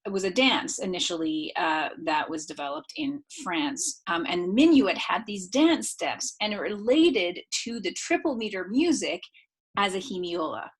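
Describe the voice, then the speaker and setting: A woman teaching a music theory class in a recorded video lecture, her voice sitting at an ordinary middle pitch. She explains things in a relaxed, conversational way, with a few fillers, and now and then she sings out the rhythms. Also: normal speed, husky.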